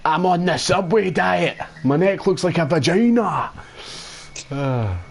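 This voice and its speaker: Scottish guy putting on a crude greedy fat scotsman, voice shoved up high, slow gruff drawl. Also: expressive, background noise, exaggerated voice. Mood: crude, gloomy. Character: gluttonous crude fat Scottish man, sad and loud.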